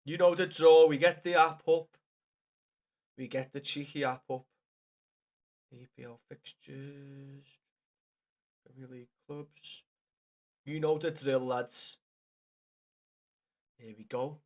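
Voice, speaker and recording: A man's voice: medium pitch, steady tone, slow, long pauses, darkish tone. A man chatting casually to viewers on a live game stream, swearing freely and calling everyone lad.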